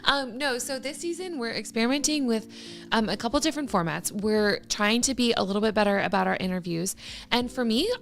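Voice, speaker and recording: A woman co-hosting a podcast, chatting casually with lots of fillers and pauses. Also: fairly high pitch, creaky. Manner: chatty, hesitant, many fillers. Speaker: podcast co-host. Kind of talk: casual chat.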